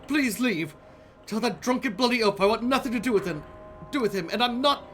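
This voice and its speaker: A man's voice: sits high, animated, brisk, fairly bright tone, soft background music, voice pushed up. A man voicing a prim, flustered woman librarian in a video game, sweet and evasive, calling people dearie. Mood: angry. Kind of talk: reading game dialogue aloud.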